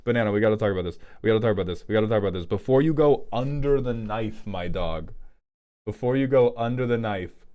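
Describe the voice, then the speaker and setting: Low-voiced male streamer, profane, rambling joker, casual live chat. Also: animated, highs cut off. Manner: joking, profane, rambling, quick tangents. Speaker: streamer host.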